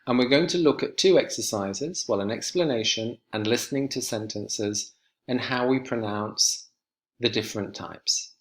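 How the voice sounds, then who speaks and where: A man teaching an online English lesson, walking students through exercises with slow, clear instructions. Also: mid-range voice. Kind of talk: recorded online lesson walkthrough.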